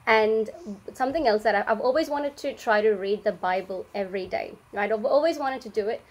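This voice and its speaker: A woman's voice: on the high side, brisk, rough recording. Easygoing young Australian woman podcaster. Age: young adult. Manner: easygoing, reflective, frequent ums. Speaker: podcast co-host. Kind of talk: casual faith chat.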